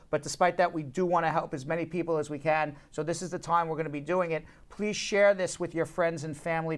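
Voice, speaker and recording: A male host of a live immigration call-in program. He trades laughing jokes with his co-hosts, then settles into an earnest pitch that he repeats again and again. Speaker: talk show host and immigration lawyer.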